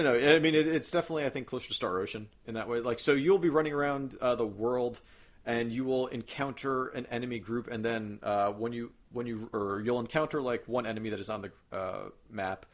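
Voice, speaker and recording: A man's voice: medium pitch, moderate pace. Rambling enthusiastic man, casual game chat. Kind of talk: casual chat about video games.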